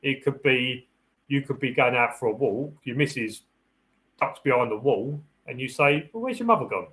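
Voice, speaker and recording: A man at a middle pitch talks through dog training in a loose, conversational live-stream style. He circles back on his own phrases and restarts sentences as he works out his point. His delivery stays down-to-earth and practical. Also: fairly even intonation, normal speed, fairly bright tone, rough recording. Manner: acts out the dog's thoughts in a raised voice. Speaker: security dog handler hosting a live Q&A. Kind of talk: casual live-stream advice talk.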